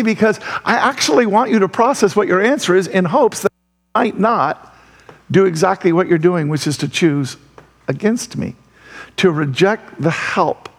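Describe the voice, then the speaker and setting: A man preaching a sermon and voicing Jesus as a calm, patient teacher who speaks gently and asks questions. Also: high-pitched.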